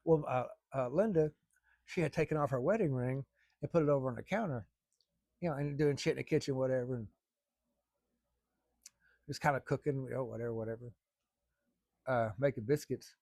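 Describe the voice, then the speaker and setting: A middle-aged man spins a rambling family yarn, peppering it with salty words. His voice is gravelly with a bit of fry, and it sounds close and dry, with no room behind it. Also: medium pitch, fairly quick, pauses often, darkish tone, no room sound. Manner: rambling, folksy, salty language. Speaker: storyteller. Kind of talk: casual spoken storytelling.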